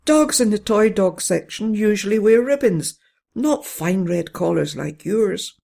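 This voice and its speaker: A storyteller voicing a big, kind male German shepherd who calmly explains things to a puppy in a bedtime story. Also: medium pitch, a little slow, gravelly. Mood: explaining. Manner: calm, fatherly, explaining.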